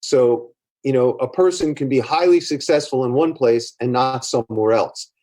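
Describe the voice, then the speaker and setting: A man's voice: mid-range voice, normal speed, mellow. An older man with a Brooklyn accent, a therapist guest on a podcast, telling long stories in a rambling way with many fillers and restarts. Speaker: guest, psychotherapist. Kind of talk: conversational storytelling.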